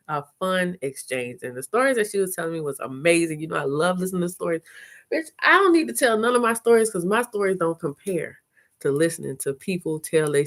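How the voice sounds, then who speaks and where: A woman hosting a live chat, telling stories casually, swearing, and playing out conversations in quick voices. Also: mid-range voice. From lived in New Orleans. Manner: chatty, animated, swearing, retells talks in quick voices. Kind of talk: casual live-stream storytelling.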